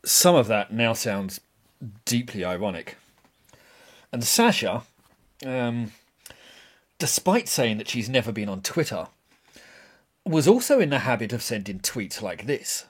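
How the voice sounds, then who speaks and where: A man's voice: medium pitch, big pitch swings, measured pace, long pauses, slightly rough. A man narrating scripted commentary in a pointed, critical tone.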